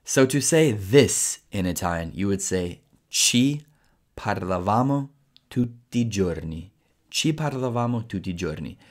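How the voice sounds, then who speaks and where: Patient low-voiced man teaching grammar. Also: animated. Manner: patient, repeats phrases slowly. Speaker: language teacher. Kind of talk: explaining grammar step by step.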